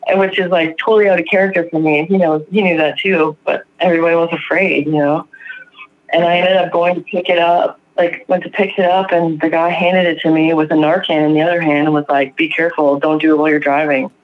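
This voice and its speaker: A man's voice: fairly high pitch, flat delivery, quick pace, slight background noise. A man from Canada telling a candid personal story in a rambling, profane way, full of fillers. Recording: dull lo-fi sound.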